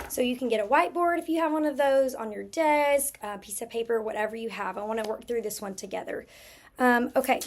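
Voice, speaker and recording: A woman's voice: on the high side, darkish tone. A woman teaching a spelling lesson to young students, patiently sounding out words letter by letter.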